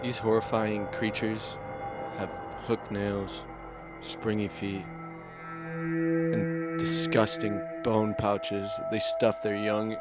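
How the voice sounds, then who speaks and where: A man voicing a grave, ominous documentary narrator with a hushed, drawn-out, dramatic delivery. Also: lowish voice, over loud music, voice pushed down.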